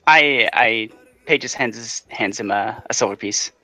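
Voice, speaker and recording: A man playing a tabletop game, describing his character's actions in a halting, easygoing way. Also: medium pitch, bright, forceful tone, faint music behind.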